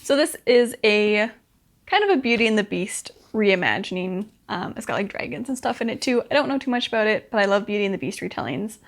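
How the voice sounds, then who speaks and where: A woman's voice: medium pitch, animated, brisk. A young woman talking casually to camera as a book vlogger, chatty and upbeat, with lots of fillers.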